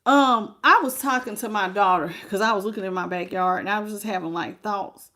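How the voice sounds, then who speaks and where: A woman's voice: medium pitch, brisk, bright, forceful tone. Give me a frank, folksy woman reading tarot live and greeting her viewers by name. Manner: calls viewers baby, talks straight to them. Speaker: tarot reader.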